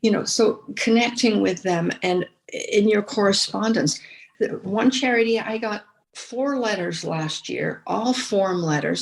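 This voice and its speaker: An older woman from the United States, a veteran fundraiser, telling lively stories in a podcast interview with frequent restarts. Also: medium pitch, measured pace, creaky. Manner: storytelling, animated, many restarts and repeated words. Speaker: guest, former chief fundraiser.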